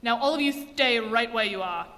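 A lisping jewel thief boss. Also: male voice, very high-pitched, normal speed, sharp tone. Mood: menacing. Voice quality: lisp. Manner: threatening, clipped orders. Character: menacing male jewel thief gang leader. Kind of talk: 1940s radio acting. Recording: reverberant old radio broadcast.

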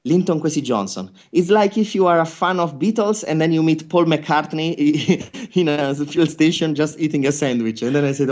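A man's voice: mid-range voice, normal speed. A man from Italy, a reggae band musician, telling stories in a casual interview and acting out the quotes. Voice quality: animated storyteller who acts out quotes. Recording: dull lo-fi sound.

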